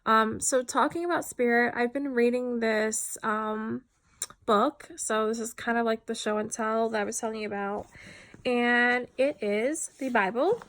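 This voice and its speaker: A woman's voice: on the high side, fairly even intonation, unhurried, a bit bright. A tired woman talking candidly in a personal vlog, reflective and full of fillers. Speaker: vlogger.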